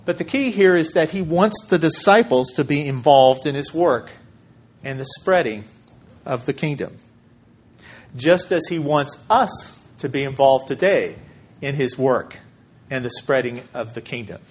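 A man preaching a sermon as pastor, measured and emphatic, with deliberate pauses for weight. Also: mid-range voice, breathy edge.

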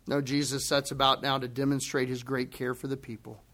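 A man preaching a sermon as pastor, swinging from hushed near-whispers to emphatic outbursts and acting out voices in conversational asides. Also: medium pitch, flat delivery, a little fast, hardly any pauses. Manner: acts out quoted speech in conversational asides.

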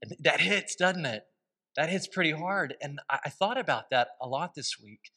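Bright-voiced male pastor preaching. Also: a little high, animated, normal speed. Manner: conversational storytelling with humor. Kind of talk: sermon.

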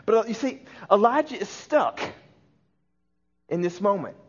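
Earnest high-voiced Southern pastor. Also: male voice, big pitch swings, a little slow, slightly rough. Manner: earnest, lets his voice sink soft and low on key words. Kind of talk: sermon. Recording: dull lo-fi sound.

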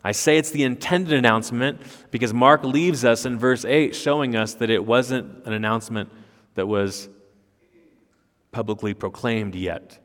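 A man's voice: medium pitch, moderate pace, a bit bright. A man preaching an expository sermon, emphatic, with rhetorical questions and repeated words. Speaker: pastor. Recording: long reverb of a large hall.

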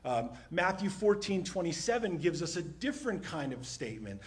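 Guy preaching a sermon, kinda high voice, chatty and animated, drops way quiet sometimes. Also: normal speed. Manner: animated, conversational preaching with sudden drops to a hush. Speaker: pastor. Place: church stage with microphone.

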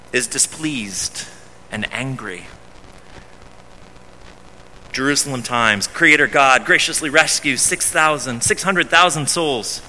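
A man's voice: medium pitch, sharp tone. A man preaching a sermon as pastor, emphatic and often repeating words as he starts phrases. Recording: long hall reverb.

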